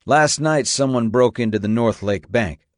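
A man's voice: medium pitch, normal speed, dry recording, studio quality, lightly acted. A man playing a guarded, businesslike federal agent.

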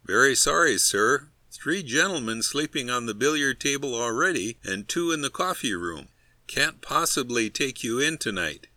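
A man voicing a polite, apologetic male innkeeper in a storybook reading, speaking louder and more formally. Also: mid-range voice, expressive, moderate pace, dry recording.

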